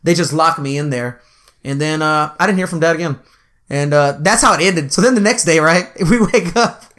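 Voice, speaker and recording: A man's voice: on the high side, moderate pace. Profane, rambling young man telling a story. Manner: profane, rambling, animated, imitates his dad in voices. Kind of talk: casual storytelling chat.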